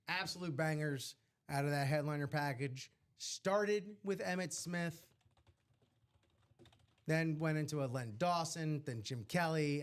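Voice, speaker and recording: A man hosting a live sports memorabilia break stream, chatting casually with slangy, animated asides. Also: fairly high pitch.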